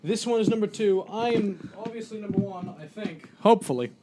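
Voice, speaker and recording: A man's voice: high voice, brisk, warm tone. A man co-hosting an amateur radio show, bantering in a joking, hyped way and laughing often. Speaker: co-host. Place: small studio.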